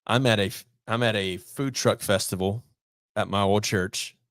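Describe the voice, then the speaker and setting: A man's voice: fairly low pitch, steady tone, normal speed, fairly bright tone, clean tone, no room sound, studio quality. Man telling a long story. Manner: long anecdote with quoted dialogue and many restarts. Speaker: podcast guest. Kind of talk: casual storytelling.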